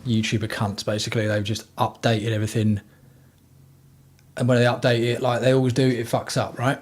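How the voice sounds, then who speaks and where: A man talking to his livestream audience from home, his voice sitting at an ordinary middle pitch. He rambles from one thing to the next and swears freely. His delivery is blunt and casual. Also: little pitch movement, brisk. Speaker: livestream host.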